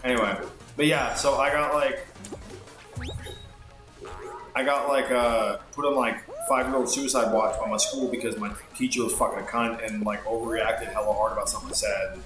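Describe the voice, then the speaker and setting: A man's voice: mid-range voice, fairly even intonation, moderate pace, roomy sound, music in the background. Rambling, foul-mouthed man telling stories. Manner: rambling, heavily profane, filler-laden. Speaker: streamer. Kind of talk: casual storytelling while gaming.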